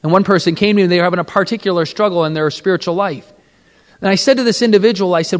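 A Catholic priest preaching to a gathering of men, impassioned, with dramatic swings in pitch and volume. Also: male voice, racing, long reverb tail. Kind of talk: sermon at a men's retreat.

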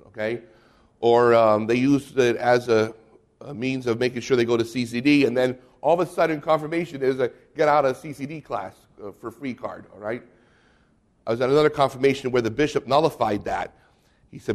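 A man, a Catholic priest, teaching about confirmation in a humorous, conversational way and reading aloud from the catechism. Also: moderate pace. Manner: humorous, mimics bishops and kids, drops voice low for asides.

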